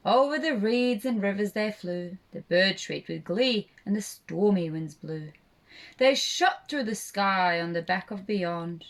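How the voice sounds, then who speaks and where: Woman narrator for a children's puppet show, slow and expressive rhyming read-aloud. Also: mid-range voice.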